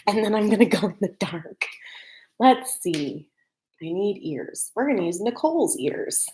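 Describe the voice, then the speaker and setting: A woman's voice: mid-range voice, expressive, measured pace, darkish tone, slight background noise. A young woman with a Texan accent chatting on a crafting livestream at home, rambling and giggling with many fillers. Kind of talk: casual livestream chat. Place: room at home. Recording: roomy home echo.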